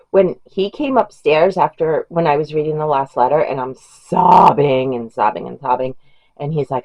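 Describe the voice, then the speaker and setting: A woman's voice: low-pitched, darkish tone. Chatty woman book vlogger, dull lo-fi sound. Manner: chatty, rambling, gushing. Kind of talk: casual chat about books. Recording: dull lo-fi home recording.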